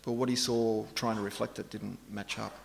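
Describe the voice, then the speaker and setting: A middle-aged man preaching a sermon in a relaxed, anecdotal way, poking fun at himself. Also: fairly low pitch, normal speed, gravelly, a little hiss or hum. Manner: conversational, anecdotal, self-deprecating.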